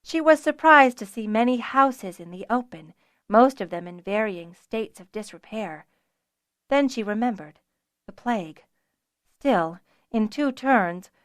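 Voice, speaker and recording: A woman reads a fantasy audiobook in a measured, expressive voice at a mid-range pitch. The sound is close and dry, with no room around it. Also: no echo. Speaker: audiobook narrator. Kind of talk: scripted audiobook narration.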